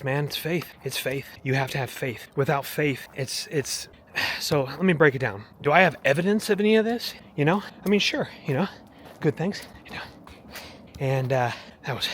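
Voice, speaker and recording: A man's voice: on the high side, lively intonation, normal speed, slight background noise. A man vlogging while walking on a mountain trail, talking in an earnest, rambling, preachy way. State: walking, heart rate up. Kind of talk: casual walking vlog testimony.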